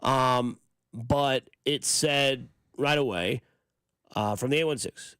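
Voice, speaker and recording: A man's voice: medium pitch, slow pace, a bit bright, clean tone, dry recording. A man co-hosting a sports radio show, reading listener texts aloud in a rambling, casual way with many fillers. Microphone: studio microphone.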